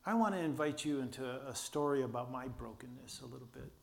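An older man preaching a sermon, telling a story earnestly with restarts and quiet asides, his voice held back by vocal cord damage. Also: medium pitch, a little fast, vocal fry. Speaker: pastor.

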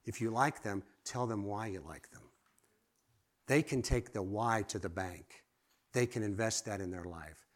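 A man preaching a sermon, lively and conversational, swinging from emphatic exclamations to quiet asides and asking the congregation direct questions. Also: on the low side, unhurried. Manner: asks the audience direct questions.

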